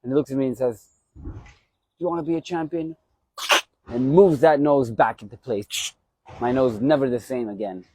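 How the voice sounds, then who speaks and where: A man who once boxed talks loosely on a live stream, circling back over the same phrases as he remembers. His voice is warm and mellow. The sound is dry and close, with no room around it. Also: medium pitch, moderate pace, breathy edge, no room sound. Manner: rambling, repeats his phrases. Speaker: former boxer hosting a live stream. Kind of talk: casual live-stream reminiscence.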